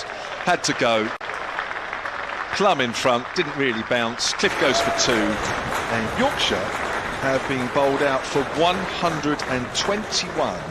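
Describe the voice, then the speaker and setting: Excitable male cricket commentator, loud crowd. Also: medium pitch, a little slow. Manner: excitable, voice leaps up when wickets fall. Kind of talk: ball-by-ball commentary. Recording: loud crowd and outdoor noise behind.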